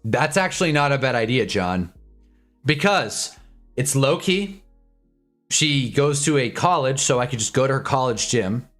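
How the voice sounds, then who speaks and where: A man's voice: medium pitch, expressive, unhurried, fairly bright tone, faint music behind. A young man in his twenties from Southern California, chatting casually on a live stream, rambling and joking with frequent laughs.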